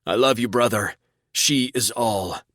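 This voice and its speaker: A man's voice: mid-range voice, unhurried, fairly bright tone, no room sound, studio quality, pitched above the performer's own voice. A man voicing a reckless, joking male alien warrior who speaks in a raised, urgent way. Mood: resolute.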